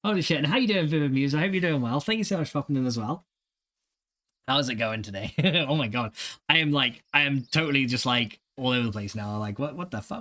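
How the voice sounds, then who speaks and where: A man streaming a game live, reading and thanking his chat in an excitable, giggly way with plenty of swearing. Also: mid-range voice, a little fast.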